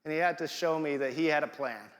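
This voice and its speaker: A man's voice: on the high side, fast talker, in a large hall. A man preaching a sermon in a conversational, playful way, acting out the voices he quotes. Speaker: guest preacher. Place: church sanctuary.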